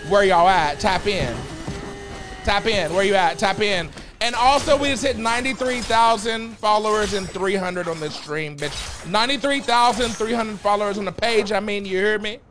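A man streaming live, bantering with his chat in a loud, sassy, campy way and repeating phrases in bursts. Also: high-pitched, moderate pace, music in the background. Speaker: livestreamer.

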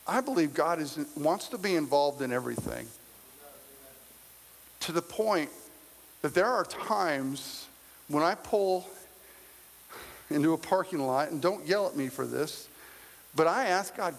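A man's voice: a little high, lively intonation, measured pace, vocal fry, pauses often. A male pastor preaching a sermon in a conversational, humorous way, speaking straight to the congregation. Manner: addresses the congregation directly. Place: church sanctuary with a congregation. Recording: long reverb of a large hall.

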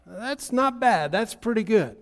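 A man acting out a male film director shouting orders on set. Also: high voice, lively intonation, unhurried, big-room sound, voice pushed up. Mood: approving. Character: barking male film director calling takes.

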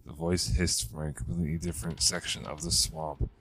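A man narrating a ghost story in a measured, steady storytelling manner, with small restarts. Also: extremely low pitch, gravelly, slight background noise.

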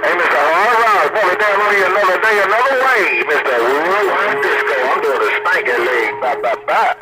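A man's voice: high-pitched, expressive, normal speed. A man bantering over CB radio with playful, rhythmic slang and laughs between lines. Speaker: CB radio operator. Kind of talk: CB radio chatter. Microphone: CB radio handset. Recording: heavy CB radio static.

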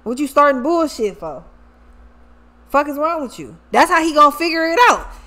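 A woman with a high voice gives a loose, casual tarot reading. She swears freely and talks in animated slang. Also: moderate pace. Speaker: tarot reader.

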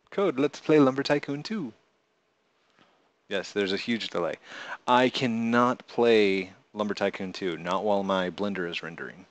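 A man with a low voice streams live at a slow pace, casually chatting with his audience. As a streamer and game creator, he reads their messages aloud and answers playfully, often laughing.

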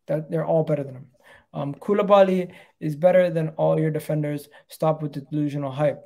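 Young guy hosting a football chat, gravelly and kinda mellow, laughs a lot. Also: fairly high pitch, steady tone, a little fast. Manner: chatty, laughs easily, breaks into impressions. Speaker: football channel host. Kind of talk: casual chat.

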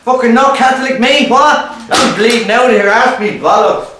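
A man's voice: extremely high pitch, moderate pace, recorded from a distance, noisy background. A man with an Irish accent playing a crude, slangy interviewee in a comedy sketch. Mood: indignant. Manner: brash and crude, heavy slang. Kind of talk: satirical sketch banter. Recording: very echoey room.

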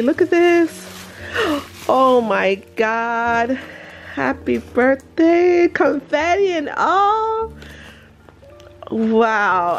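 A woman, gushing and gasping excitedly while unboxing gifts at home in a casual vlog. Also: fairly high pitch. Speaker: vlogger.

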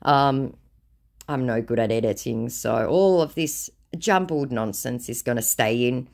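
A woman's voice: extremely low pitch, a little slow, vocal fry, a little mellow. A woman hosting a scambaiting channel, reading chat logs aloud with dry, sardonic, offhand commentary.

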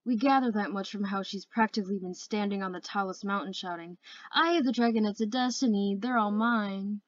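A woman's voice: mid-range voice, brisk, no echo, natural voice. A sly, menacing male sea dragon with a dry, mocking way of speaking, as a woman puts him on. The voice sounds muffled and close, recorded dry. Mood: sarcastic. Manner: dry, sarcastic.

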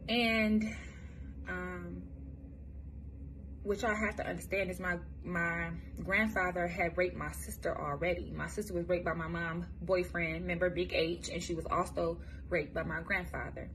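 Candid woman from Michigan, blunt and halting. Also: on the low side, fairly even intonation, fairly bright tone, a little hiss or hum. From Michigan, USA. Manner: candid, profane, halting with restarts. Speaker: vlogger telling her life story. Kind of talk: personal testimony, casual storytelling.

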